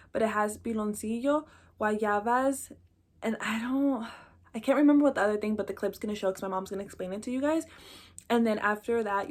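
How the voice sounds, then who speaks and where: Young woman, from Mexico, casual vlog chat, rambling, lots of fillers, mid pitch. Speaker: vlogger.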